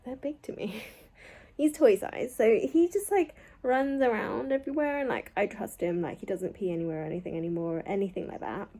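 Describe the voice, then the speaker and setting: A woman's voice: mid-range voice, a little fast, mellow. A young woman chatting casually in a rambling vlog, with lots of "like" and "um". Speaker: vlogger.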